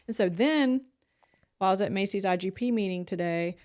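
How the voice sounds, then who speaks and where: A woman's voice: medium pitch, fast talker, a little mellow. A woman co-hosts a podcast and talks in loose, casual chat. She tells her stories in a rambling way and fills them with "like" and small restarts. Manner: rambling storyteller, heavy use of "like". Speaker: podcast co-host.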